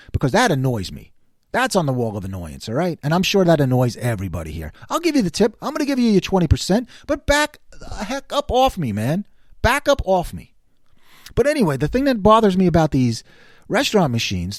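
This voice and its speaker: Recorded with studio quality and no echo, this older commentary host from the New York City area has a voice on the high side. He rants and complains casually, animated, sarcastic, and exasperated.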